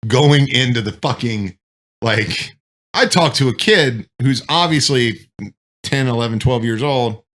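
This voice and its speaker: A man's voice: mid-range voice, a little slow. A man, a military veteran, telling profane stories from deployment in a casual podcast chat. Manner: profane, animated war storytelling.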